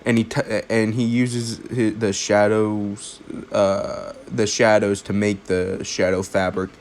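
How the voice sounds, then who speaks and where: A man's voice: fairly low pitch, little pitch movement, slow pace, a little mellow, slight background noise. A young man casually improvising a fan-fiction story, rambling with fillers and jokes. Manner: rambling, full of fillers and restarts, jokey.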